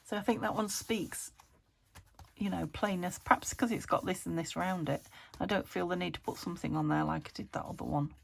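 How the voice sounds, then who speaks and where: A British craft vlogger chats to herself while crafting, narrating casually, thinking aloud and often dropping into a whisper. Her voice is lowish and creaky, brisk in pace, with fairly even intonation.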